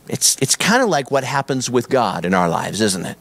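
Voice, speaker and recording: A man's voice: medium pitch, very animated, normal speed, gravelly, fairly bright tone, no echo. A middle-aged man, a pastor preaching a sermon in an emphatic, repetitive storytelling manner.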